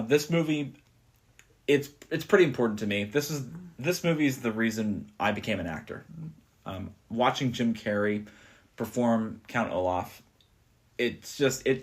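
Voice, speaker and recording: A man's voice: mid-range voice, normal speed. A man co-hosting a casual movie podcast, earnest and enthusiastic, often restarting his sentences. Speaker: podcast co-host.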